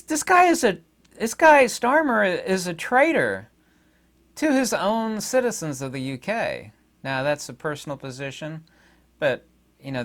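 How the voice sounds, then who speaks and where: A man's voice: a little high, fairly bright tone. Indignant rambling American man. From United States. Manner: indignant, rambling, with sarcastic asides. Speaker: commentator. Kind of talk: casual political monologue.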